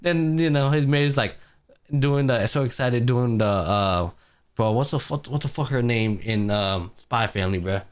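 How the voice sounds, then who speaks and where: A man's voice: medium pitch, moderate pace, smooth. A young man co-hosting a podcast, casually recapping an anime and acting out the characters' lines with plenty of slang and swearing. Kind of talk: casual chat.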